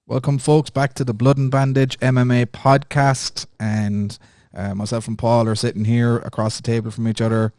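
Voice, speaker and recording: A man's voice: medium pitch, level tone, moderate pace, few pauses, darkish tone. A man hosting a podcast, welcoming listeners and nudging his co-host along in casual chat. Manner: brief agreeing interjections.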